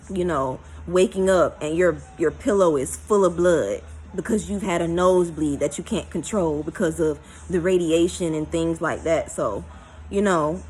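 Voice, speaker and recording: A woman tells a personal story in a vlog, emotional and halting, with many fillers. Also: lowish voice, darkish tone, low-quality recording. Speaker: vlogger.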